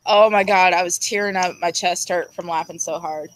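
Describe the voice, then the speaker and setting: A woman's voice: on the low side, fairly even intonation, moderate pace, rough recording. A woman telling a crude personal story in casual chat, blunt and laughing as she acts out what others said. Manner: blunt, crude and laughing, acting out quoted speech. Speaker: storyteller guest.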